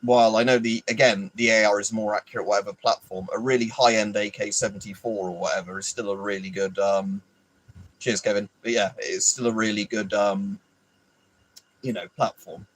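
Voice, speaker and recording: A man's voice: on the low side, fairly even intonation, normal speed, poor audio. An Englishman hosting a casual livestream, rambling, swearing freely and answering viewers by name. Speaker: livestream host. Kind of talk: casual live chat.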